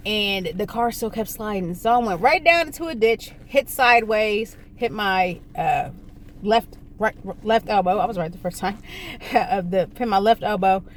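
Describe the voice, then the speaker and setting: A woman's voice: medium pitch, lively intonation, normal speed. Rambling woman vlogger, traffic noise. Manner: rambling, self-correcting, talks to viewers directly. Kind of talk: casual storytime.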